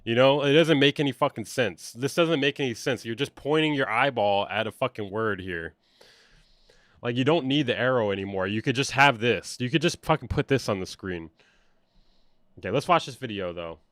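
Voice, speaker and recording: A man's voice: mid-range voice, moderate pace, fairly bright tone, no echo, studio quality. A young man doing casual livestream commentary as a music producer, blunt and sarcastic, swearing freely as he reacts. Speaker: music producer streamer reacting to online drama.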